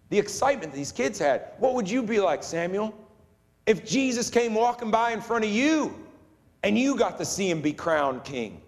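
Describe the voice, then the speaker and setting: Male preacher, animated sermon delivery with acted-out voices, slightly higher voice, reverberant hall. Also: moderate pace. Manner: animated, acts out voices of the crowd.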